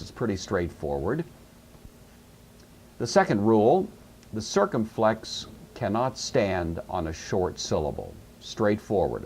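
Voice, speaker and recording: A middle-aged male teacher with a low, gravelly voice, walking through a lesson patiently and slowly repeating the key terms. His pitch rises and falls a lot as he stresses each point. A faint hiss sits under the recording. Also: a little mellow. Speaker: Greek teacher. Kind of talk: recorded lecture.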